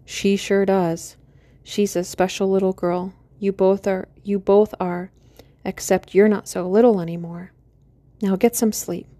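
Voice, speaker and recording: A woman reading an audiobook, voicing a gentle father who tenderly reassures his daughter. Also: mid-range voice, fairly even intonation, measured pace, no echo, natural voice. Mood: soft, loving. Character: gentle loving middle-aged father.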